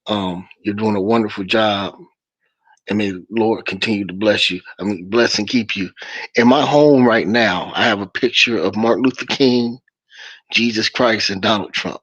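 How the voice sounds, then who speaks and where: A man guesting on a livestream, giving mock-formal shout-outs in a halting way, with many ums. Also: lowish voice, no room sound, poor audio. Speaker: show guest.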